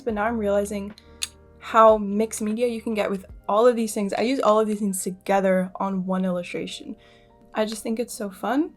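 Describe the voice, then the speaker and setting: A young Canadian woman talks in a loose, rambling vlog style, full of "um" and "like". Her pitch sits in an ordinary middle range. Faint music plays under her voice. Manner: rambling, chatty, many fillers. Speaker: art vlogger. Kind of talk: casual vlog talk.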